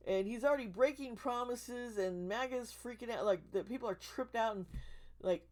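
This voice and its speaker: A woman in her forties, hoarse from losing her voice, talking casually and emotionally to her channel members, rambling and restarting her sentences. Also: a little high, normal speed, darkish tone. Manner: rambling, emotional, many restarts, swearing when worked up. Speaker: tarot reader and channel host.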